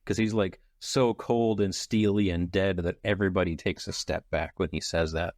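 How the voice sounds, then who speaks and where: A man's voice: deep voice, steady tone, normal speed, darkish tone, no room sound, studio quality. Jokey man podcast co-host. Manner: jokey, laughs often. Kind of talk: casual book club chat.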